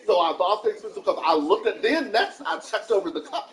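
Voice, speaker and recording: A man's voice: high voice, big pitch swings, brisk, a bit bright, poor audio. A man who is a livestreamer and parent, telling long, profane, rambling stories in casual chat.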